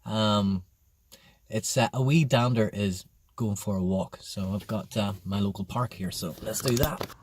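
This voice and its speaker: A man's voice: fairly low pitch, measured pace, breathy edge. A man with a Northern Irish accent chatting casually on a self-filmed vlog in a park, explaining things in a friendly, easygoing way. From Northern Ireland. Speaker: vlogger. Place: outdoors in a local park. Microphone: handheld camera or phone, self-filmed.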